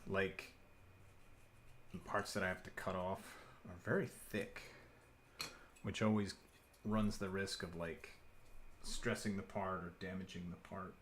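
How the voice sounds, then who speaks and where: A man's voice: low voice, unhurried, long pauses, slight background noise. A man chatting casually and thinking aloud while he builds a model kit on a live stream. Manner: relaxed, rambling, thinking aloud.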